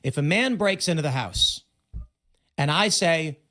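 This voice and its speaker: A man talks through unscripted commentary on his live stream, voice sitting slightly high and swooping widely between highs and lows. He tells it as stories, acting out what people said and repeating key words for stress. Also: lively intonation, measured pace, pushed and bright. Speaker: livestream host.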